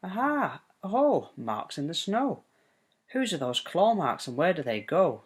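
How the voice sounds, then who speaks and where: A curious little monster girl with a high, eager voice, always asking questions, as a dad puts her on. She sounds brave and excited while reading from a storybook. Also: a little slow, husky, exaggerated voice.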